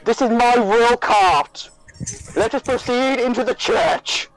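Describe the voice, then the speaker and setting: A man's voice: very high-pitched, slow pace, a bit bright, faint music behind, voice pushed up, heavily acted, low-quality recording. A man voicing a haughty, self-important noblewoman priestess, pompous and commanding, over an online call. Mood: imperious.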